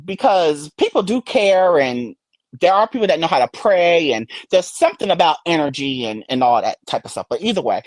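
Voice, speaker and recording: A woman streamer giving gossip commentary, ranting and cursing heavily and laughing loudly at her own stories. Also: low voice, big pitch swings, brisk, no room sound. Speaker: live streamer.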